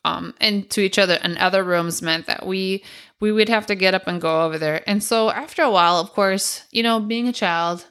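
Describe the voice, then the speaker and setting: A woman's voice: medium pitch, fairly bright tone. A young woman from the United States hosting her own show, telling childhood stories in a casual, rambling way full of ums and you-knows. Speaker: podcast host. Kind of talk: casual storytelling monologue.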